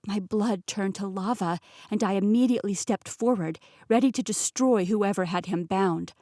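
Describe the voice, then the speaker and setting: A woman narrating a fantasy audiobook in the first person, with clear and steady storytelling. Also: mid-range voice, normal speed, no room sound, studio quality.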